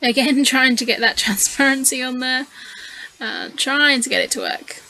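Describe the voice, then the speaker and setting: A scrapbooking channel host, a woman whose crisp, bright voice sits slightly high, narrates her craft video in a casual, loose voice-over. Tired and yawning, she rambles hesitantly and fills pauses with frequent ums as she thinks aloud. The audio quality is poor.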